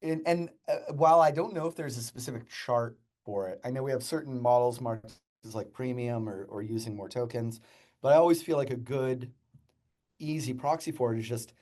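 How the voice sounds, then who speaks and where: A man's voice: medium pitch, normal speed, a little mellow. A man casually explaining a coding assistant demo in a friendly, explanatory way. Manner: friendly, explanatory, laughs easily. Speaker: developer co-hosting a coding demo. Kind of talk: casual tech demo chat.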